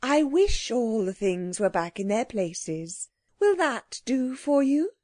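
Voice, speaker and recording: A serene, imperious ancient queen from a storybook, as a woman reader puts her on. She speaks unhurriedly in a mellow, dry tone, a little lifted in pitch. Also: big pitch swings, slow, no room sound, full character voice.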